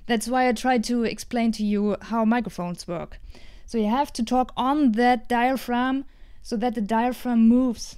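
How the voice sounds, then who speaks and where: Woman streamer, tech tutorial, unhurried delivery, slightly high voice, hands-on mic demo. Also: fairly even intonation, a little mellow, smooth, no echo. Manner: chatty, hands-on, demonstrating microphones. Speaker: streamer explaining audio gear. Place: indoor room at a streaming desk. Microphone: switching between test microphones.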